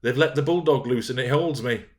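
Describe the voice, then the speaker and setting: A man's voice: medium pitch, brisk, voice pushed up, natural voice. A man voicing a frightened young girl urging her friend to run. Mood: urgent.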